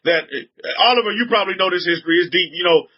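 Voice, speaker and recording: A high-pitched man with a Southern US accent delivers an informal religious talk to a group. He circles back on his words and peppers listeners with rhetorical questions. His voice is a touch husky, on a dull lo-fi recording. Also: fast. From Southern United States. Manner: repetitive, restarts a lot, fires rhetorical questions at listeners. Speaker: religious teacher addressing a group.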